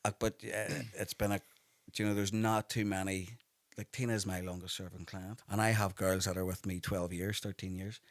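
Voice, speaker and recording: A man's voice: deep voice, little pitch movement, a little fast, dry recording. A man, a personal trainer chatting as a podcast guest and often tagging "do you know" onto what he says. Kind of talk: casual podcast chat.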